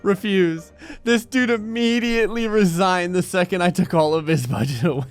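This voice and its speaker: A man's voice: high voice, normal speed, faint music behind. A young man from New Jersey giving casual, sarcastic commentary on a strategy game, joking and laughing often. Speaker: gameplay commentator.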